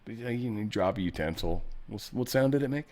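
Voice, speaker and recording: A man's voice: lowish voice, lively intonation, a little fast, darkish tone. A man hosting a show, giving a casual news commentary monologue in an irreverent, joking and often profane way. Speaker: show host.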